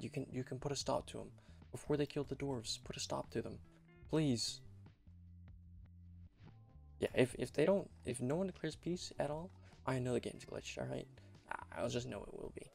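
A young man talks through a simulation game in a loose, chatty way, circling back and repeating himself as he goes. His voice is heavily gravelly with lots of vocal fry, pitched at an ordinary male level. Faint game music plays quietly underneath. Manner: rambling and chatty, repeats and restarts phrases. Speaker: game commentator. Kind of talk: casual let's-play commentary.

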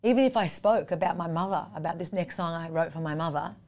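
A husky-voiced woman talks with a singer's earnest conviction. Her voice sits a little low, and she makes her points in short, emphatic phrases. She sounds slightly worn from singing a lot and sleeping little. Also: quick pace, a little mellow. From Australia. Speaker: guest singer and vocal teacher. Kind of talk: conversational interview.

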